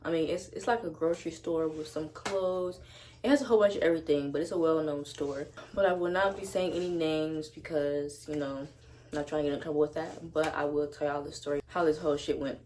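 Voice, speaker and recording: A young woman with a notably low voice tells a story straight to camera from home. Her delivery is blunt, slangy and loose, with casual swearing throughout. She sounds unpolished and conversational. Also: fairly even intonation, brisk, a little mellow, a little hiss or hum. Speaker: vlogger.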